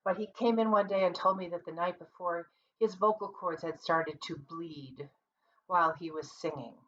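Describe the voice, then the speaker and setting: Woman, voice and choir teacher, patient practical tone, lowish voice; dull lo-fi laptop recording. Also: moderate pace, a little hiss or hum. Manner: calm, explanatory, practical. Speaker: music teacher and conductor. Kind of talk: online singing lesson. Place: home, seated at a computer. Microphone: computer mic. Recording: distant, dull lo-fi computer audio.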